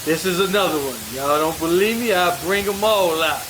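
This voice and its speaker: A man's voice: high-pitched, normal speed, noisy background. A man hosting a livestream, commenting on videos in an emphatic way and repeating phrases over and over. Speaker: livestream host.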